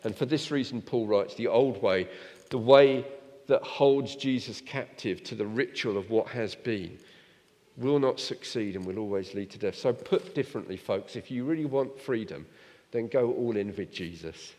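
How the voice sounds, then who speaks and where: A man preaching a sermon in a church, lively and direct, asking his congregation rhetorical questions. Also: fairly low pitch, moderate pace, long reverb tail.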